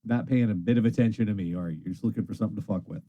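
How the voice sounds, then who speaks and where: A man hosts a late-night stream in a casual, rambling way. His pitch leaps up and down as he talks, and he sounds tired. The close mic makes his voice dry, with no room sound. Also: racing, no echo. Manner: lively, rambling, swears casually. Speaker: internet radio host.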